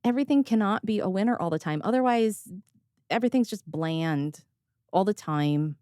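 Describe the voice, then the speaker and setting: A woman's voice: medium pitch, animated, moderate pace, dark tone, no room sound, studio quality. A woman hosting a podcast, chatting casually and candidly, laughing often and swearing offhandedly. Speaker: podcast host. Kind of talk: casual conversational chat.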